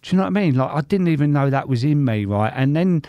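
A man's voice: on the high side, expressive, fast talker, warm tone. A middle-aged man, a sobriety coach chatting casually on a podcast, reassuring and sprinkling his talk with swearing and "mate".

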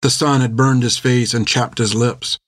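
A man reading an adventure novel aloud in measured, scripted narration on a close mic. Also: medium pitch, steady tone, no room sound. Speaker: audiobook narrator.

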